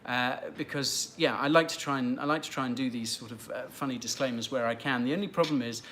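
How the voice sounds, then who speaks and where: Quick-paced and fairly bright in tone, this mid-pitched man runs a casual livestream with slight background noise. Answering viewers, he chats and rambles with plenty of fillers and restarts, and teases the regulars lightly.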